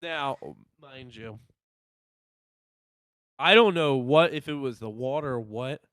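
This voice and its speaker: A young man co-hosting a podcast, telling a story in animated casual chat and acting out what people said. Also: medium pitch, slow pace, smooth, dry recording. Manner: animated, acts out quotes of himself and others. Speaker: podcast co-host.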